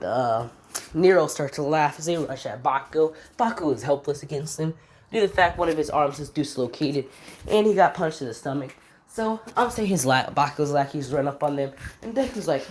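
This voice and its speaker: A woman with a low voice narrates a fan story in an offhand, slangy ramble. Her pitch climbs and drops a lot as she talks, as if making it up while she goes. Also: animated, moderate pace, a little mellow, a little hiss or hum.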